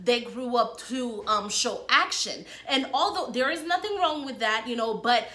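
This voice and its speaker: Bright, chatty woman podcast host. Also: fairly high pitch, lively intonation, moderate pace, reverberant. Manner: chatty, frequent laughter, many fillers. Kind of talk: casual chat.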